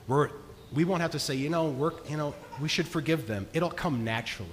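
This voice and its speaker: A man preaching a sermon as pastor, earnest, moving between hushed and emphatic delivery. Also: a little high, expressive, a little fast. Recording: long reverb of a large hall.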